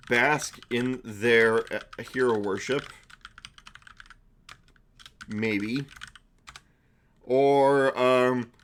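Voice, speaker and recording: A man's voice: medium pitch, slight background noise. A young man narrating a tabletop game for a live-stream chat, chatty with frequent fillers and laughs.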